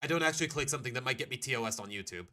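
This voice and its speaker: Animated man reacting on a live stream. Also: mid-range voice, very fast. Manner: animated, sighing, groaning and laughing. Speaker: livestreamer reacting to videos.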